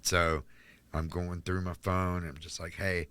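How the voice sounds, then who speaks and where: A man from North Carolina telling a candid personal story as a podcast guest, halting with restarts and fillers. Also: deep voice, flat delivery, a bit bright, no echo. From North Carolina, United States.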